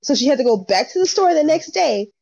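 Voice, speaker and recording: A young woman telling a story in casual chat, acting out what people said, animated. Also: sits high, fast, creaky, dry recording. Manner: animated storyteller, acts out quotes. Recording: dull lo-fi sound.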